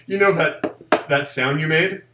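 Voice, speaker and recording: A man hosting a live stream in casual chat, animated and jokey, reading out viewer comments and ranking films. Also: reverberant, background noise. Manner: animated, jokey, does mocking high voices. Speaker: live show host.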